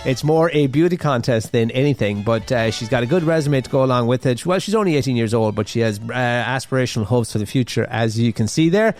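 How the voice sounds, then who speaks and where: A man's voice: medium pitch, animated, quick pace, few pauses, darkish tone, soft background music. A man hosting a radio show, chatting casually through the news with a rambling manner and lots of fillers and restarts. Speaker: radio host. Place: radio studio.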